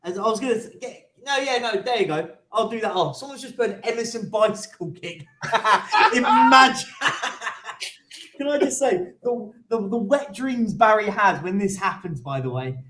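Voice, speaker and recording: Male host, high register, playful banter and frequent laughs on a relaxed fan stream. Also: normal speed. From Italian roots. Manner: teasing, banters and laughs often. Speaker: channel host. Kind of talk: casual fan chat on a stream.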